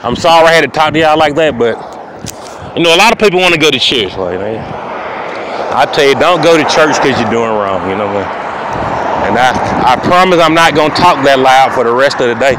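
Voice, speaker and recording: A man's voice: medium pitch, lively intonation, fairly quick. A man talking to camera in a long, rambling monologue outdoors, circling back to the same phrases and asking whether he's understood. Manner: repetitive, keeps asking "you know what I mean". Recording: loud outdoor street noise.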